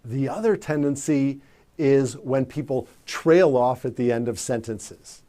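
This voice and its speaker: A man teaching communication skills in a measured, emphatic coaching manner. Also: medium pitch, warm tone. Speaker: communication trainer. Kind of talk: instructional presentation.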